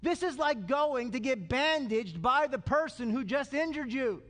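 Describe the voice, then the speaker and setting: High-voiced man preaching in echoing hall. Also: measured pace. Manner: animated, calls for congregation response. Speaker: pastor. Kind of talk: sermon. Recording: long hall reverb.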